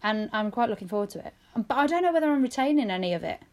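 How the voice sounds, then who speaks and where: A woman's voice: on the high side, animated. Chatty woman podcast co-host. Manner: chatty, laughing, quick storyteller. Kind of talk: casual chat.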